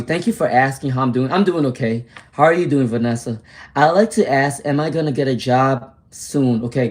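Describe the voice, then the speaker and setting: Man livestream tarot reader, mid-pitched, slangy and candid, chats straight to his viewers. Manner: casual, chatty, addresses viewers by name; slangy, candid, speaks in repeated phrases.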